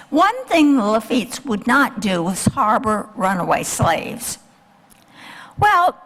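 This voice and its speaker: A woman giving a history lecture to a live audience, telling the story and asking the listeners questions. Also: sits high. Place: lecture hall. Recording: long hall reverb.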